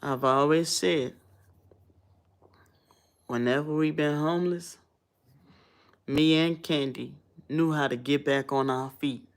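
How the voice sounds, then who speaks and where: A woman in her thirties, a vlogger telling stories in a blunt, casual, animated way. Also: low-pitched, slow pace, pauses often. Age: 30s. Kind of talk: casual storytelling rant.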